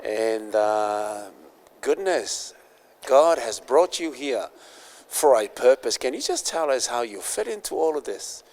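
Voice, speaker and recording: A man's voice: mid-range voice, big pitch swings, slow pace, a little mellow. A man hosting an interview who affirms his guests and then introduces the next ones. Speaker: interviewer host. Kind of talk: interview questions.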